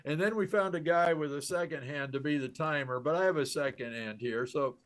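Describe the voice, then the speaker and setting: An older man appears as an interview guest, telling stories enthusiastically in a fairly high-pitched voice at a fairly quick pace. He acts out quoted dialogue and laughs often as he talks.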